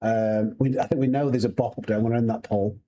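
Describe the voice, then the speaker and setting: A man's voice: lowish voice, fairly even intonation, fast talker, mellow, slight background noise. A man with a Yorkshire accent, a sim racing streamer chatting casually and rambling to his live chat while he plays. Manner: chatty, rambling, laughs easily.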